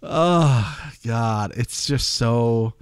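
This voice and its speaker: A man co-hosting a casual recap podcast, telling stories in an animated way with frequent swearing. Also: medium pitch, extremely slow, smooth, dry recording. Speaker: podcast co-host.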